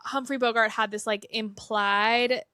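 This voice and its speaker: A young woman cohosting a podcast who talks casually, searching for words with many fillers and trailing off. Her voice is bright and a little high, with a dry, close sound. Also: steady tone, a little slow, clear, resonant tone, no room sound. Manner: hesitant, lots of "like" and trailing off. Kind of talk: casual chat.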